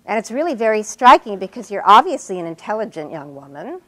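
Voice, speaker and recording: A woman's voice: mid-range voice, sing-song, fast talker, pushed and bright. Actress doing a strict veteran writer lady, lectures her student, voice swoops up and down a lot. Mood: lecturing. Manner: lecturing, precise, wide-ranging inflection. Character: established woman writer, exacting, lecturing teacher. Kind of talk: stage scene performed on a talk show.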